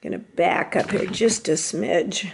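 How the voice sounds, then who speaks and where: A woman dog groomer explaining a puppy's grooming step by step, calmly soothing the puppy as she works. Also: a little slow, vocal fry, a little hiss or hum, rough recording. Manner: calm explaining, soothing a squirming puppy with high coos. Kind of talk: instructional grooming demo. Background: electric clippers and a puppy.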